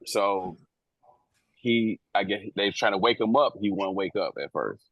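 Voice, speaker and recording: Speaking at a measured pace in a fairly low voice, the airport officer and talk-show co-host tells a story from work, full of slang and swearing, voicing each character. The recording is dry and lo-fi.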